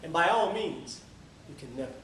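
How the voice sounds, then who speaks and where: A man telling a marathon story as a lively motivational speech at a club meeting. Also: on the high side, normal speed. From Tampa area. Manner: energetic storytelling, sings a few lines. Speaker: public speaker. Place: meeting room. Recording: echoey room from far off, faint noise.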